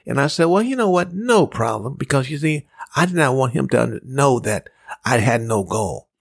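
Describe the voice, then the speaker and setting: Guy doing a motivational sales podcast, steady middle voice, dry mic, plays out the voices in his story. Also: medium pitch, creaky, slightly rough, no room sound. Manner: measured, repetitive, acts out dialogue in his story. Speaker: sales trainer and podcast host. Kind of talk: motivational talk with a personal story.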